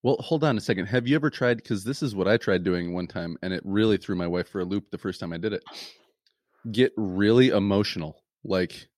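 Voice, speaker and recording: A man hosting a casual chat, easygoing and quick to laugh. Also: lowish voice, darkish tone, no room sound, studio quality.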